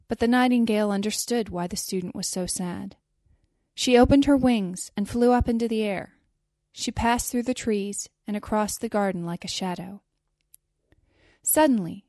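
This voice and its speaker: A woman narrating a storybook in a clear, gentle, evenly paced way. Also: medium pitch, moderate pace, dry recording, studio quality. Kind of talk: storybook reading.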